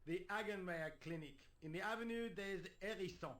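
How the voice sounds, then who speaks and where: An actor playing a weary police sergeant in a video game, answering questions in a dry, matter-of-fact way. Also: male voice, high voice, moderate pace, a bit bright.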